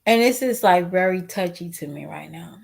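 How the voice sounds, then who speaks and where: A gravelly, husky woman's voice, low-leaning and expressive, moves at a moderate pace as she vlogs casual commentary directly to viewers. She speaks outspokenly and emotionally, sometimes tearing up until her voice cracks.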